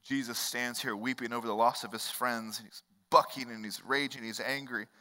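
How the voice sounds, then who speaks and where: Impassioned preacher with a bright voice. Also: male voice, mid-range voice, fairly even intonation, normal speed. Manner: swings from hushed storytelling to impassioned, rising preaching; repetitive rhetorical cadence. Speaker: pastor. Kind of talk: sermon. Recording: long hall reverb.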